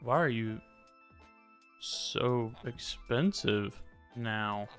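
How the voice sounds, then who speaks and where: A young man casually commenting while he plays a game, chatting to the game characters and turning suddenly loud when surprised. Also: medium pitch, drawn-out words. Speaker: gaming YouTuber. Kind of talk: casual let's-play commentary. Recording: faint music behind.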